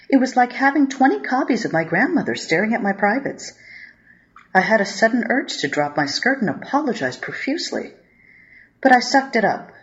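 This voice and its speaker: Wry, animated woman storyteller. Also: a little high. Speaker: narrator. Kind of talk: first-person story reading. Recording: dull lo-fi audio.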